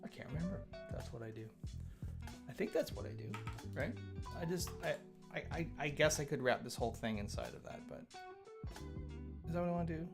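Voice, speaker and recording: A man's voice: medium pitch, vocal fry. A man hosting a live coding stream, chatting casually and thinking aloud, often stammering and repeating words. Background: faint chill background music.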